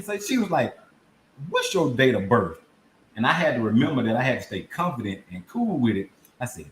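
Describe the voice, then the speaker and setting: A man's voice: lowish voice, brisk. A man telling a comedic story on a podcast, acting out voices and laughing as he goes. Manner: animated, acts out voices and laughs mid-story. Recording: echoey room with faint background noise.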